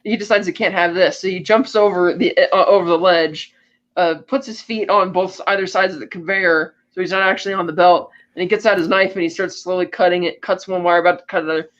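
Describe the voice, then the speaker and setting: A high-pitched man tells a film's story like he's chatting with a friend. He breaks into short character voices along the way. The recording sounds a bit dull and lo-fi. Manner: animated storytelling with quick voiced asides. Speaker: podcast co-host. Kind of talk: casual film recap.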